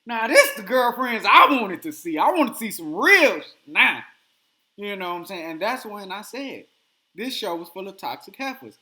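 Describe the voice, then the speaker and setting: A man hosting a podcast, telling a story in casual chat and acting out the quotes with animated energy. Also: high-pitched, moderate pace. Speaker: podcast host.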